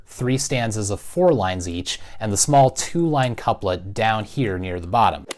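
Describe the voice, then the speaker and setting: A man teaching a class, explaining things patiently and clearly and walking through spoken examples. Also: on the low side. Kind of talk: recorded classroom lesson.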